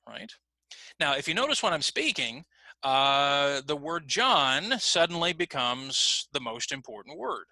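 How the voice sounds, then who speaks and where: A man's voice: a little high, big pitch swings, normal speed, sharp tone, dry recording. A man teaching an adult English pronunciation class, explaining patiently and modeling example phrases aloud. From United States. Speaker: ESL teacher. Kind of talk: online English pronunciation lesson.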